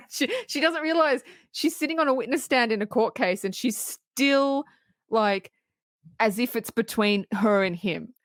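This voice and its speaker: A woman co-hosting a podcast, casually recapping a film in animated detail, acting out the characters' lines and swearing freely. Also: a little high, a little slow, dry recording, clean studio sound. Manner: animated storytelling, acting out quoted lines, frequent laughs and swearing. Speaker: podcast co-host.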